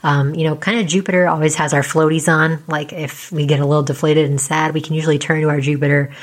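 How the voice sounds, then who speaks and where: A woman astrologer in casual explanatory talk, chatty with lots of fillers and tag questions, speaking quietly as she starts to lose her voice. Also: low voice, flat delivery, quick pace. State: losing her voice.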